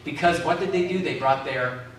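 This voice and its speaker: A man's voice: fairly high pitch, normal speed, a little hiss or hum. A man preaching a sermon, calling out questions to the congregation. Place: community centre hall. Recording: echoey hall from far off.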